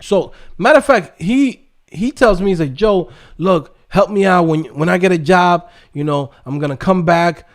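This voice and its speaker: A man hosting a coding livestream, ranting in a profane, animated way and mimicking people in quick mocking voices. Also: high voice. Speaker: livestream host and coding instructor. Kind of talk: profane casual livestream rant.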